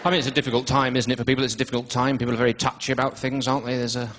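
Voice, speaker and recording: A man's voice: mid-range voice, flat delivery, heavy background noise. A man with a posh English accent performing a dry, self-mocking stand-up comedy set on stage. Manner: dry, self-mocking, drawn-out delivery with pauses for laughs. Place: comedy stage before a live audience.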